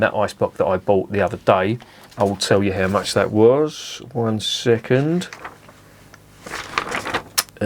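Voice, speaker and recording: A man with a lowish voice talks through a beer tasting in a relaxed, chatty way. He is blunt and enthusiastic and swears freely. A faint hum sits behind him. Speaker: beer reviewer. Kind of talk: casual beer review vlog.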